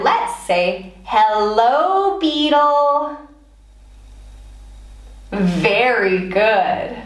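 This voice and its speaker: Woman teacher talking real slow to little kids, bouncy sing-song voice, kinda far off in an echoey room. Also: a little high. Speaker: English teacher for children. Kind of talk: slow children's vocabulary lesson.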